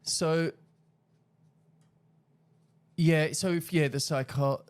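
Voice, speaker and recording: A man's voice: fairly high pitch, steady tone, extremely slow, smooth. A man co-hosting a cartoonists' podcast, chatting casually with lots of agreeing and restarts. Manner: chatty, frequent yeahs and restarts. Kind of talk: casual chat.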